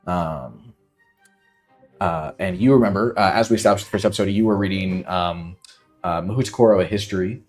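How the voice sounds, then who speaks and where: A man's voice: deep voice, fairly quick, darkish tone, faint music behind. A man narrating a tabletop role-playing game as game master, hesitant and full of ums.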